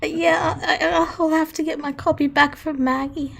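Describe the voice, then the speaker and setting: High-voiced woman, slow and stammering. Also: steady tone, gravelly, a bit bright. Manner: stammering, apologetic in character. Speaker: player. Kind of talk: tabletop role-play.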